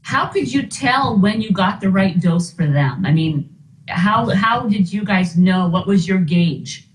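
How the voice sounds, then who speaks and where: A woman's voice: mid-range voice, lively intonation, measured pace, roomy sound, far from the mic, poor audio. A woman hosting an interview, gushing and emotional as she responds to the story. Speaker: host. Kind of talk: casual interview.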